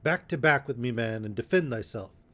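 A man's voice: medium pitch, lively intonation, normal speed, a bit bright, lightly acted. A man voicing a sturdy, loyal outlaw who speaks in a hearty, mocking, raised voice. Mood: bold.

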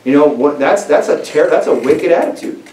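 A man's voice: on the high side, animated, moderate pace. Emphatic male preacher in an echoey church. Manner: emphatic, conversational, with frequent restarts and fillers. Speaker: pastor. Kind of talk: sermon. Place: church sanctuary. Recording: echoey church room, mic at a distance, faint hiss.

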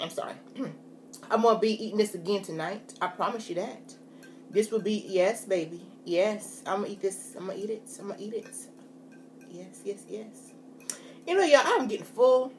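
Folksy woman chatting as she eats, bouncy highish voice, faint room hum behind. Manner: chatty, folksy, says "y'all" a lot. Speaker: food vlogger. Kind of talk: casual mukbang chat to camera.

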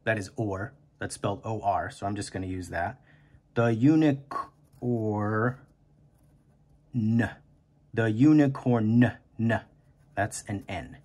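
Husky-voiced man as a gentle kindergarten writing teacher who stretches out every word. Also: lowish voice, fairly even intonation. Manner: slow, encouraging, stretches out words aloud. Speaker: teacher and podcast host.

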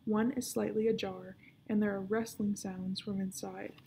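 A woman librarian reading a children's book aloud, narrating in a hushed, often whispered voice. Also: medium pitch, flat delivery, normal speed, gravelly, a little hiss or hum.

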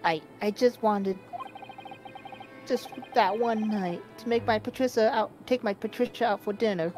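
A woman voicing a grieving young male police constable in a fan dub of a game, confessing haltingly with stammers. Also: mid-range voice, darkish tone, faint music behind, lightly acted. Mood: tearful.

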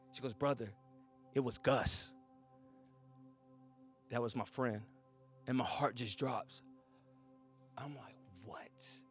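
A man preaching a sermon as a pastor, moving from quiet storytelling to loud, rising exhortation. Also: mid-range voice.

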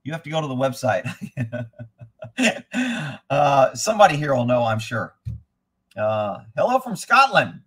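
A man's voice: medium pitch, very animated, measured pace, a bit bright. A man who trains horses, giving blunt, rambling live commentary over riding footage and swearing freely.

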